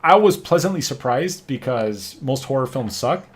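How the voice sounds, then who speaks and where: A man hosting a podcast in casual chat, animated and profane, often acting out what people say. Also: mid-range voice, normal speed. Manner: animated, profane, acts out quotes. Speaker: podcast host.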